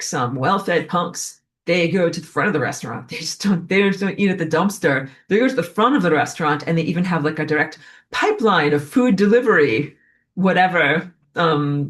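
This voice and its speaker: Chatty woman giving an animated lecture. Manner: animated, acts out quoted voices with jumps in pitch; chatty, heavy use of "like" and fillers. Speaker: online lecturer. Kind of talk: casual spoken lecture.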